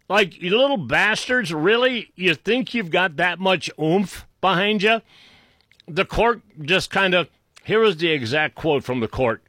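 A man with a Boston accent delivers an unscripted political rant, sarcastic and insulting, often restarting and clearing his throat. His voice sits a bit higher than most men's. The recording is dry and close, with no room echo. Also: animated, measured pace, pushed and bright. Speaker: political commentator.

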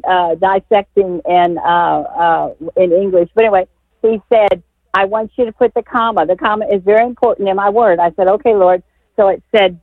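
Excited woman caller on a tinny phone line. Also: mid-range voice, no echo. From San Antonio, Texas. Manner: excited, emotional, rambling with restarts. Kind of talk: call-in radio storytelling. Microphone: telephone.

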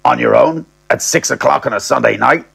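A man's voice: mid-range voice, brisk, creaky, a bit bright, breathy edge, pitched above the performer's own voice, full character voice. A man voicing a crude, scheming older male solicitor who talks in a blunt, insulting way. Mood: mocking.

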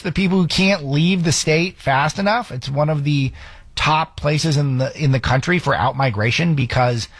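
Husky, sarcastic talk radio man. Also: a little high, dry recording. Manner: fast, sarcastic, with restarts. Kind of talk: opinionated radio commentary.

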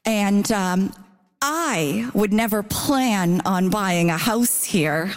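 A woman's voice: mid-range voice, drawn-out words, noisy background. A woman comedian from Ontario in a comedy debate, chatty and teasing. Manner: chatty, teasing, frequent "you know".

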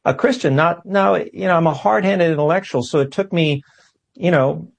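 Male guest, a bit high-pitched and husky, lively self-mocking storyteller. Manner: animated, self-deprecating, quick asides. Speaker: guest, physicist. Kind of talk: storytelling interview answer.

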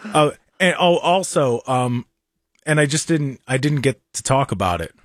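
A man from hosting a radio talk show, with an animated, exasperated manner and frequent restarts. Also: mid-range voice, normal speed, no room sound, studio quality.

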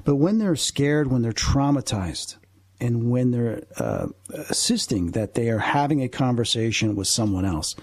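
A husky man in his late fifties tells a story on the radio with earnest, animated energy. His mid-range voice sounds dry and close, with no room around it. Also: mid-range voice, normal speed, dry recording. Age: 50s. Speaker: paranormal investigator and medium, guest.

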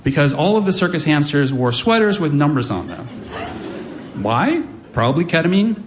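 A man's voice: a little high, moderate pace, slight background noise. A man in his forties telling a wry, self-deprecating story on stage to a live audience. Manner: wry, self-deprecating, animated delivery with playful voices.

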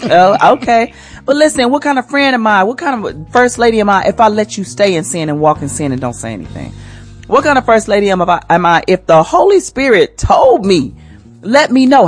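A woman's voice: lowish voice, sing-song, fairly quick, faint music behind. A woman who hosts a morning radio show, giving an inspirational talk as a church first lady in a colloquial, exhorting way.

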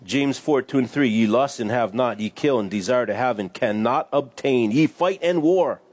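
A man preaching in a relaxed, chatty way. He reads scripture aloud and slips into playful little voices, laughing along. His voice sits at an ordinary middle pitch. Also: normal speed, slightly rough. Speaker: pastor. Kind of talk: casual sermon with scripture reading.

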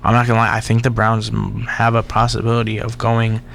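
A young man co-hosts a college radio sports show and pushes back bluntly on his partner's picks. His low voice stays flat and gravelly. A faint hum sits under the studio recording. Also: brisk. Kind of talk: casual sports radio chat.

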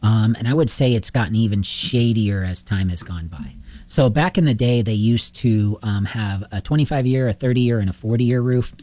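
A middle-aged man talks shop as a roofing contractor, spinning animated anecdotes. His voice is warm and mellow, recorded close and dry with no room sound. He slips into quoted dialogue with ease. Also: on the low side, moderate pace, no room sound. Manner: animated anecdotes, acts out quoted phone calls. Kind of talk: casual interview storytelling.

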